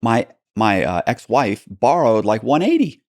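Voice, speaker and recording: A man's voice: mid-range voice, big pitch swings, measured pace, a little mellow, no echo, clean studio sound. A man, a podcast guest, telling a story in a casual, rambling way with many restarts. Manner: rambling, frequent restarts, acts out quoted dialogue. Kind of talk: casual storytelling in a long interview.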